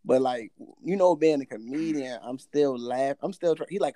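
A man's voice: medium pitch, moderate pace, no room sound. A man, a comedian, telling stories in casual podcast chat and acting out the people he quotes. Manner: animated storytelling, acts out quotes.

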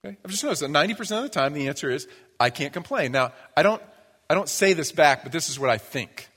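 A man preaching a sermon in a casual, humorous way, sometimes muttering low in a mock grumble. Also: expressive, fast talker, a bit bright, husky. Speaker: pastor. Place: church. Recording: long reverb of a church hall.

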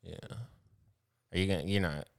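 A man who is a comedian, chatting casually, laughing often and swearing as he tells animated stories. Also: low voice, normal speed, gravelly, clean tone. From Arizona. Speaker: comedian podcast host. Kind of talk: casual chat.

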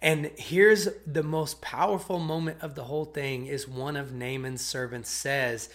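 A man's voice: a little high, steady tone, measured pace, fairly bright tone. Chatty man preaching a Bible story. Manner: conversational, checks in with "okay?" and "right?"; repeats and restarts words as he retells. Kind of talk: casual sermon storytelling.

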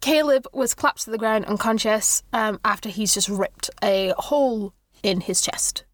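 A woman's voice: mid-range voice, a little slow, dry recording, studio quality. A young woman with a Northern English accent, chatting and laughing as she narrates a tabletop game as game master over a call.

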